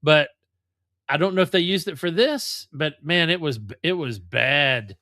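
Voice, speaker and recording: Podcast guy griping bluntly, bright voice, dead dry sound. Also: a little high, animated, measured pace, no echo. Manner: blunt, exasperated complaints, casual swearing. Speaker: podcast co-host. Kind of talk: casual gaming podcast chat.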